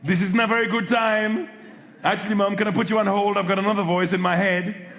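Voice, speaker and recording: A man voicing a harried French medieval woman warrior chatting on the phone to her mum, in a much higher voice. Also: little pitch movement, brisk, fairly bright tone. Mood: flustered. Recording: reverberant live venue recording.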